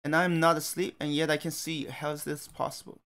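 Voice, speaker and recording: A man's voice: on the high side, level tone, quick pace, fairly bright tone. A man voicing an earnest young elf leader. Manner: earnest, apologetic.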